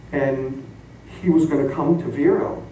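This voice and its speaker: Man, middle-aged pastor, storytelling sermon, distant mic, faint hiss. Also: on the high side. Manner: animated, laughing storyteller. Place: church sanctuary. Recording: echoey hall from far off.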